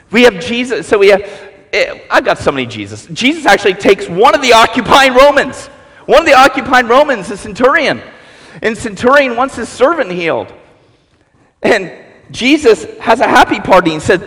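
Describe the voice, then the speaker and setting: High-voiced animated male preacher. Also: normal speed. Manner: animated storytelling, acting out voices. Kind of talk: sermon. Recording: long reverb in a large hall.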